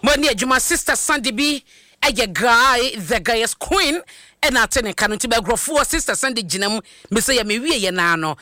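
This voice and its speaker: A Ghanaian studio presenter with a sharp, bright voice hosts the broadcast in a lively manner. The sound is dry and close, with no room around it. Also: medium pitch, moderate pace, no room sound. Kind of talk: broadcast hosting.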